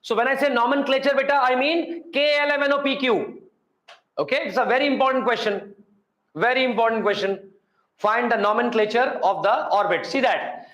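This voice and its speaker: A man with an Indian English accent teaching a chemistry class, energetic and repetitive, coaxing his students to answer. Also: extremely high pitch, moderate pace, echoey room, rough recording. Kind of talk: classroom lecture.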